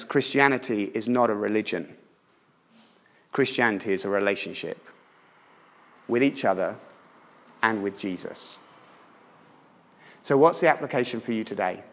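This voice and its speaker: A man preaching a sermon, telling a story emphatically and swinging between loud urging and hushed tones. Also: on the low side. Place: church. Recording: reverberant church hall.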